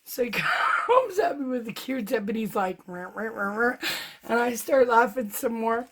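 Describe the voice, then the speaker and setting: A woman's voice: fairly high pitch, expressive, moderate pace, a bit bright, slightly rough. A middle-aged woman telling a personal story to her viewers in a casual, chatty way, laughing often as she talks. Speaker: vlogger, fluid art painter.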